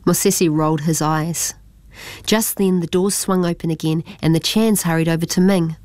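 A woman, reading a children's story aloud in a plain, steady way. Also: on the low side, moderate pace, no echo. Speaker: narrator.

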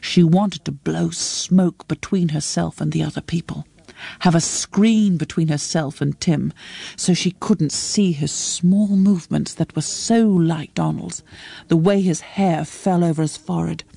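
A woman narrating a story in a measured, close storytelling read. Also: on the low side, creaky, dark tone, breathy edge, no room sound. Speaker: audiobook narrator. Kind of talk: scripted narration.

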